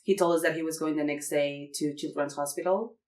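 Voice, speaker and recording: A woman's voice: deep voice, fairly quick. Mexican-accented woman telling a funny story. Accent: Mexican Spanish. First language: Spanish. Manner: animated, acts out quotes with squeals and laughter. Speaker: podcast guest. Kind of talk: comedic storytelling. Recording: roomy echo.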